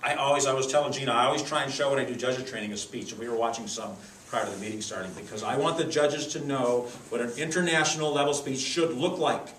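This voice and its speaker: A man leading a speech contest judges' training, teaching in a lively, demonstrative way with acted examples in a club meeting room. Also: mid-range voice, fast talker, hardly any pauses, a little hiss or hum. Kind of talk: workshop lesson. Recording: echoey room, mic far off.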